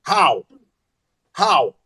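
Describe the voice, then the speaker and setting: A man's voice: a little high, big pitch swings, drawn-out words, bright, forceful tone, husky. A Nigerian man in a casual chat, exasperated, firing repeated rhetorical questions in pidgin-tinged talk.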